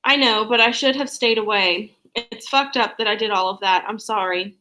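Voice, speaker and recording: A woman reading a novel aloud and voicing the lines of a remorseful, tearful teenage boy in her own gentle, apologetic tone. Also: mid-range voice, moderate pace, a little hiss or hum, lightly acted, rough recording.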